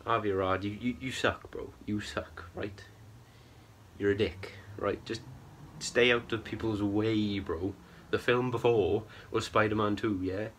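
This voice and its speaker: In a casual film review vlog, a young man with a somewhat low, fairly bright voice airs his views. He rambles and doubles back, repeatedly checking in with "right?" and "bro" and sounding clearly exasperated.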